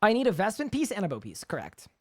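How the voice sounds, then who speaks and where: A man's voice: sits high, wildly swooping pitch, fast talker, fairly bright tone. A young man with a Canadian accent, chatting casually on a live gaming stream and answering chat questions.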